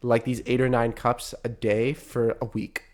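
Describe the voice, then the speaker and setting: A young man co-hosts a relaxed podcast and spins a story with plenty of swearing and laughter. His voice sits at an ordinary middle pitch, and he talks in an easygoing, animated way. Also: unhurried. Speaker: podcast co-host. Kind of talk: casual chat.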